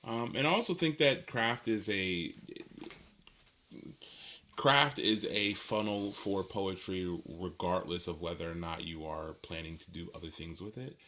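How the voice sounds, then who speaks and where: A man's voice: low voice, a little slow, bright, forceful tone. A man co-hosting a casual poetry talk, rambling with many fillers and restarts and laughing easily. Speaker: podcast co-host. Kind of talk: casual conversation.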